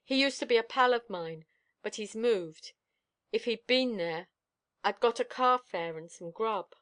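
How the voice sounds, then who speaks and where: A woman reader voicing a sullen, worn-out destitute young woman with a husky, croaking voice and coarse slang. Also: on the high side, measured pace, a bit bright. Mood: sneering.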